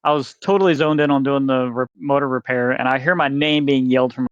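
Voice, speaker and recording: A man's voice: medium pitch, steady tone, fast, smooth, no room sound, lo-fi sound. A man telling a rambling story as a podcast guest, swearing freely and acting out the people he quotes. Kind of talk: casual storytelling.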